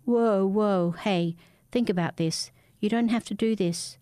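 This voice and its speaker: A woman voicing a frightened, desperate man who pleads for his life, rambling and rising in pitch as he begs. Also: measured pace, dark tone, dry recording, studio quality, lightly acted. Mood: pleading. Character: frightened desperate man, a cursed family father.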